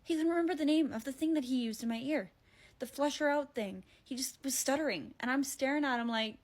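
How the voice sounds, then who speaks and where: A woman's voice: high voice, a little fast. Exasperated young woman telling a story. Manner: exasperated, animated retelling with quoted dialogue. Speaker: vlogger. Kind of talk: casual storytelling rant.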